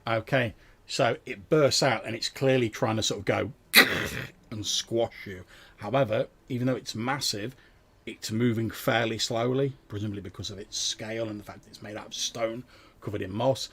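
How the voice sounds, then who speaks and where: Low gravelly dude running a tabletop game, kinda husky, rambly descriptive narration. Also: male voice, fairly even intonation, normal speed. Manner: descriptive, loose narration with many "like"s and restarts. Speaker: game master.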